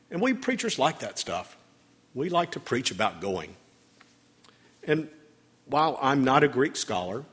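Husky-voiced man preaching in a reverberant church. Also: mid-range voice. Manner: conversational, gently humorous preaching. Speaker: priest. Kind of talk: sermon. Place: church sanctuary.

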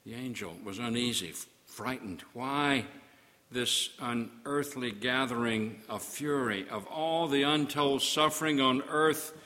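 A man delivering a dramatic, accusing sermon monologue, swinging between hushed and loud. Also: mid-range voice, measured pace, long reverb tail.

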